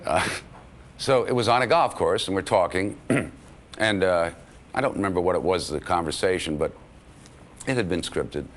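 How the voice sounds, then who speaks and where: A man's voice: low voice, normal speed, long pauses. A man recounting an anecdote from a film shoot in an interview. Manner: storytelling, animated. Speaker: actor interviewee.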